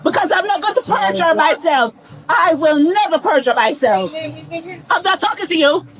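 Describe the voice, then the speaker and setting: A high-pitched woman argues with police, dismissive and defiant. She repeats herself and refuses to cooperate. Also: moderate pace. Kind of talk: heated bodycam confrontation.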